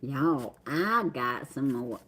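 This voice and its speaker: She has a very deep yet fairly bright voice, lively intonation and a slow pace. This middle-aged woman with a Southern American accent runs a livestream, casually welcoming viewers and drawling their names as she reads them out.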